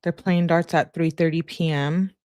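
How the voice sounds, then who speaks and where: A woman's voice: low voice, steady tone, normal speed, a little mellow, clear, resonant tone, dry recording, studio quality. A young woman on a live stream reading text messages aloud, often laughing and breaking off with incredulous asides to her viewers.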